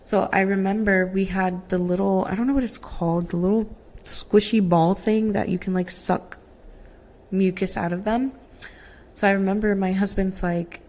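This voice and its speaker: A woman's voice: medium pitch, steady tone, normal speed, darkish tone. A young woman, a podcast guest, telling her own story in an earnest, candid way, often saying "like" and "literally".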